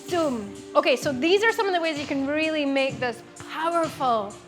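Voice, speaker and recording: Woman, dance instructor, high voice, counts beats aloud, encouraging, faint background music. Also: fairly bright tone. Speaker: belly dance teacher. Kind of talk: online dance class instruction.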